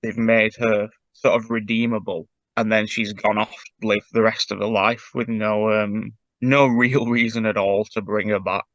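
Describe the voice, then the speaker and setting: A man's voice: lowish voice, level tone, normal speed, few pauses, a bit bright, dry recording, muffled recording. A man, co-hosting a podcast in casual chat and analysing a cartoon with many fillers. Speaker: podcast co-host.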